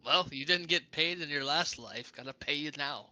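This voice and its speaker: A man's voice: a little high, normal speed, sharp tone, slight background noise. A man playing a tabletop game in an easygoing, playful way. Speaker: player.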